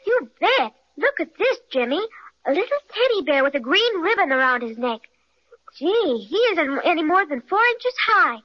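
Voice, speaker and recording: A woman voicing a sweet, curious young girl in a 1930s radio drama, speaking in a wide-eyed, gentle, old-fashioned way. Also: high-pitched, very animated, moderate pace, no echo. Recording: dull, dry old radio transcription.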